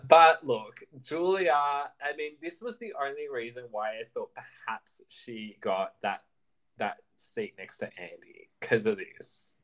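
Man, podcast co-host, casual chat, laughs a lot, mid pitch. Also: measured pace. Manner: chatty, laughs often, uses fillers. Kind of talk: casual reality TV recap chat.

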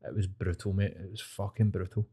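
A man's voice: sits low, brisk, husky. A Glaswegian man co-hosting a podcast, chatting casually and telling stories full of swearing. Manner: sweary, animated storyteller. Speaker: podcast co-host. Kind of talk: casual storytelling chat.

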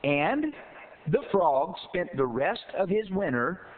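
A man preaching a sermon, telling a fable in a folksy, animated way that rises to emphatic peaks. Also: high-pitched, slow. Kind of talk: sermon with storytelling. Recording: tinny phone-like sound.

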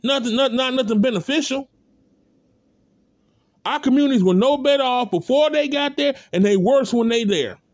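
A man's voice: extremely high pitch, animated, normal speed, no echo. A man giving a blunt, impassioned spoken rant, hammering points with repeated rhetorical calls and casual speech. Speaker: commentator.

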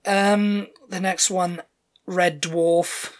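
Speaking extremely slowly in a high-pitched, flat voice, this British man co-hosts a podcast. His loose, rambling chat is thick with fillers, and at times he reads out show synopses.

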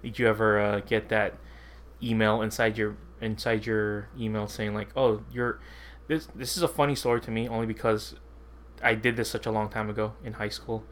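A man's voice: lowish voice, flat delivery, normal speed, a bit bright, slight background noise. Guy cohosting a podcast, rambly stories, keeps laughing. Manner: laughs often, loose rambling storytelling. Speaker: podcast co-host. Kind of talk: casual chat.

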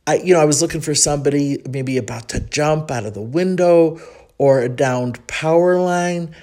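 This woman hosts a podcast, talking through a casual, reflective monologue that rambles and is dotted with ums. Her voice sits low and is a little mellow, carrying a Chicago accent from her hometown of Chicago, in the United States.

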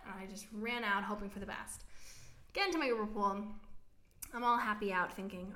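A young American woman co-hosting a podcast, telling stories in a casual, animated way with lots of fillers. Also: mid-range voice, fairly quick, roomy sound. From United States. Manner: animated storytelling, many filler likes, laughs while talking. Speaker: podcast co-host. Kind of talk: casual chat.

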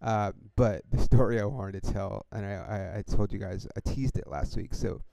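A man's voice: fairly low pitch, moderate pace, vocal fry, dark tone, dry recording. A young man hosting a podcast, telling a rambling story in a laid-back, profane way, peppered with "dude" and "like". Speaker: podcast host.

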